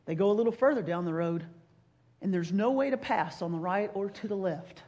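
A woman preacher retelling a scripture story in a sermon, with animated storytelling that swings from loud to hushed. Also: medium pitch, brisk.

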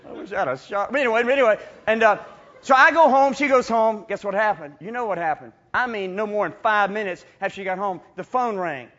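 A man preaching a sermon as a comic story, animated, swinging from loud bursts to hushed asides. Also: sits high, brisk, muffled recording.

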